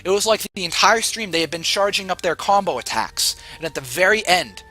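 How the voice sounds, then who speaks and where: A man's voice: sits high, animated, fairly quick, sharp tone, soft background music. A young man telling a long story on a livestream, rambling and swearing a lot. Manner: rambling, profane, restless.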